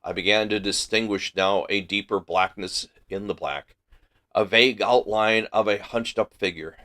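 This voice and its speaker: A man hosting a book club livestream, reading a classic novel aloud in a careful, measured way. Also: on the low side, pushed and bright.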